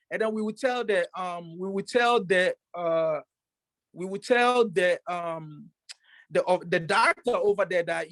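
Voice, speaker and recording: A professional boxer telling a story in a casual interview, rambling with many fillers and restarts. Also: male voice, high voice, normal speed, fairly bright tone, no echo.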